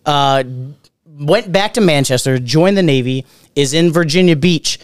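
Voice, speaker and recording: A man's voice: on the high side, unhurried, clear, resonant tone, dry recording, studio quality. A man hosting a podcast, telling a rowdy story in casual chat, swearing freely and acting out what people said. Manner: animated, swears freely, acts out quotes. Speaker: podcast host.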